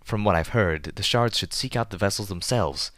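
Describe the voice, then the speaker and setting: A man's voice: fairly low pitch, normal speed, a bit bright, no echo, studio quality, natural voice. A man voicing an elegant, regal mare pony who speaks in a prim, genteel way. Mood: gracious.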